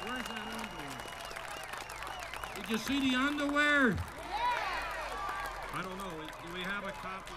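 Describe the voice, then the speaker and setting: Blunt sheriff from Massachusetts at a rally. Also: male voice, sits high, lively intonation, unhurried, pauses often. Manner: blunt, joking, bursts of shouting. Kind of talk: outdoor rally speech. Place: outdoors at a state capitol lawn. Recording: outdoor rally with crowd noise.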